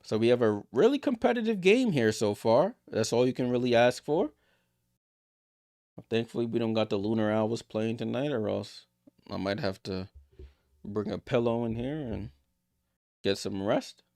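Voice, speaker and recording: A man streaming a live basketball watchalong, calling the play-by-play and chatting to his viewers, getting louder and higher on big plays. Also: normal speed, dry recording, clean studio sound.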